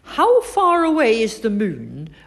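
A woman voicing a curious, excitable little boy in a storybook. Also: on the high side, slow, gravelly, big-room sound, pitched above the performer's own voice, full character voice. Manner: wondering, excitable.

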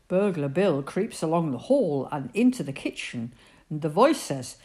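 A woman reading a children's storybook aloud in an expressive, sing-song way. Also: sits low, measured pace.

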